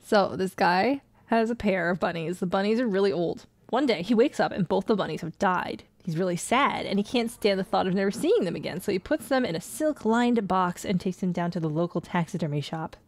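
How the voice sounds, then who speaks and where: A woman's voice: mid-range voice, expressive, a little fast, few pauses, no echo. A woman streaming a game, reading jokes and emails aloud with frequent giggles and playful voices. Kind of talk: casual let's play commentary, reading in-game emails aloud.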